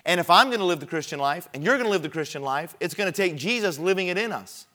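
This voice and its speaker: A man's voice: sits high, expressive, quick pace, sharp tone. A man preaching a sermon, telling a personal story and building to emphatic preaching.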